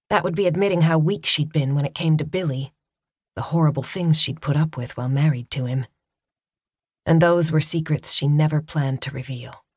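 A woman narrating a romance novel in a steady, measured audiobook reading. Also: low voice, slightly rough, no room sound, studio quality. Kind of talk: scripted narration.

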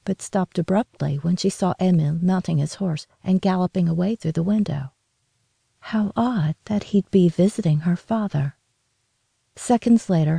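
A woman narrating a story in a steady, measured reading voice. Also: on the low side, vocal fry, slightly rough, no echo.

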